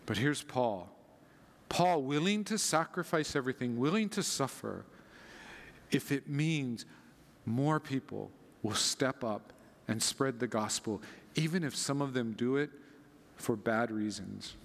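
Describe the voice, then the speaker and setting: A man preaching a sermon as a pastor, conversational and animated, acting out quoted passages with dramatic readings. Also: medium pitch, a little slow, creaky, in a large hall.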